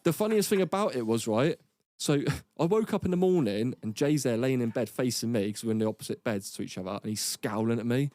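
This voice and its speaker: A man, an army veteran guest telling rapid, sweary, laughing anecdotes in a casual podcast chat. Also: mid-range voice, expressive, a little mellow, no echo.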